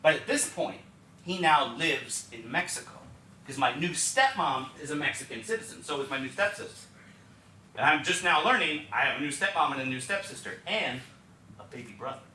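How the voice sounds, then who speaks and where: A man's voice: on the high side, expressive, moderate pace, pushed and bright, a little hiss or hum. A young man from Texas performing an autobiographical one-man show, telling his story to the audience in a wry, confiding way. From Texas, USA. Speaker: solo stage performer. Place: small theatre stage. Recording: roomy theatre recording from a distance.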